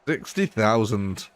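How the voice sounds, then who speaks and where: A man's voice: fairly low pitch, no room sound. A man hosting a live gaming stream, blunt and joking, laughing often. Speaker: gaming livestream host. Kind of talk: casual live commentary.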